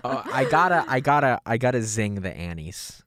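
Playful man with a lively voice. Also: mid-range voice, normal speed, dry recording, studio quality. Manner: playful and teasing, lively intonation. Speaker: podcast co-host. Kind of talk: casual chat game.

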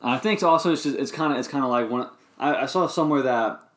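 A man's voice: medium pitch, fast. A man in a casual chat, talking hesitantly with many ums and likes.

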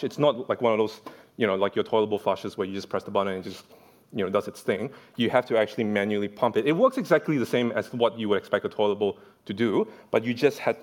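A man preaching a sermon in a church, telling funny anecdotes and acting out the voices of the people in them. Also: lowish voice. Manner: storytelling, playful, acts out quoted voices.

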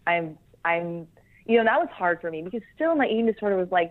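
A young woman talks candidly about her past, frank and self-deprecating, with laughs between points. Her voice sits a little low for a woman. The sound comes through a thin, tinny, phone-like line. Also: expressive, a little fast. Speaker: Marine Corps veteran guest. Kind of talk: candid interview conversation.

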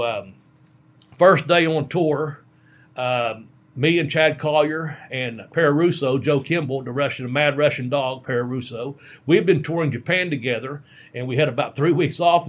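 Man, mid-pitched, rambling, folksy, casual storytelling, laughs at himself. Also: moderate pace. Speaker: former pro wrestler telling road stories.

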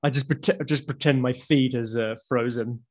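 A man's voice: mid-range voice, fairly even intonation, moderate pace. A man from England, a podcast guest bantering bluntly and cheekily. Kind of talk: casual chat.

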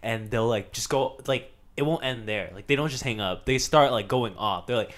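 A man's voice: medium pitch, normal speed, a bit bright. A young man guesting on a podcast, telling stories in laid-back casual chat, swearing often and laughing as he talks.

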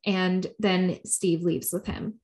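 A woman co-hosting a podcast, chatting casually while recapping a show, talking quickly and laughing often. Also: fairly low pitch, fairly even intonation, darkish tone. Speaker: podcast co-host.

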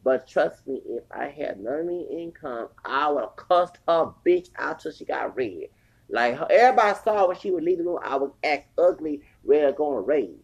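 Gravelly, profane person in their forties. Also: medium pitch, expressive, normal speed. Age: 40s. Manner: profane, rambling, heated. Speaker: podcast host. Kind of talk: casual storytelling rant.

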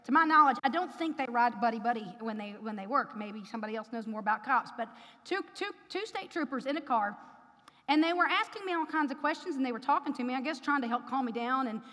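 A woman's voice: high voice, lively intonation, fast, sharp tone. A middle-aged woman preaching in church, telling a personal story with emotion and speaking directly to the congregation. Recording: reverberant hall.

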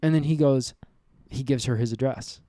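A man co-hosting a comedy podcast, rambling through an absurd improvised recap with a deadpan delivery. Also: medium pitch, normal speed, no echo. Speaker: podcast co-host.

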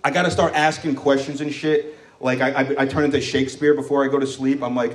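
Speaking at medium pitch with little pitch movement and a quick pace, a man in his thirties performs stand-up on a comedy club stage. He's from Morocco, and his set is loose, crude, and rambling, with mocking voices. The audio is roomy, captured from afar.

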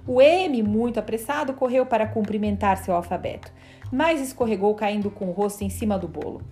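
Lady reading a kids' story, mellow tone, light music behind. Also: mid-range voice, fast. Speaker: narrator. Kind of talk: children's story read-aloud. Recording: faint background music.

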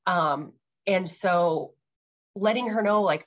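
Casual mom host, thirties, rambling and friendly, filler words throughout, low-set voice, muffled recording. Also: female voice, unhurried, a bit bright. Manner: chatty, many ums and likes, laughs easily. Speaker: podcast host. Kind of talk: casual parenting talk.

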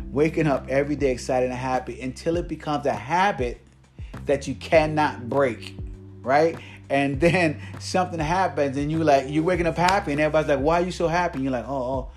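A man's voice: a little high, a little mellow. A man hosting a motivational podcast, talking in an earnest coaching tone and checking in with "right?" and "guys" as he goes.

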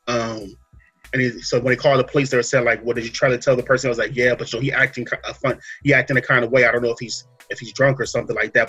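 A man hosting a podcast, talking through a story in a relaxed casual way, full of fillers and asides. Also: mid-range voice, husky. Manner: relaxed storytelling, many fillers and "you know what I'm saying". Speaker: podcast host. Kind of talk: casual chat.

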